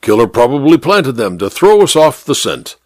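A man voicing a blustering, snorting old army major with theatrical pauses, read in a dry storybook style. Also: medium pitch, sing-song, no echo, pitched above the performer's own voice. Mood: dismissive.

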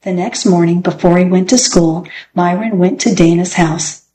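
A woman reading a children's chapter book aloud in a gentle, clear storybook manner. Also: lowish voice, steady tone, moderate pace, a little hiss or hum, rough recording. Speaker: narrator.

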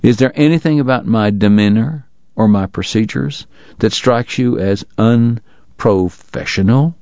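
A man's voice: mid-range voice, a little slow, darkish tone, dry recording, dull audio, close to an everyday voice. A man voicing a formal, long-winded Southern dentist and gambler with a drawl, in a read-aloud story. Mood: measured.

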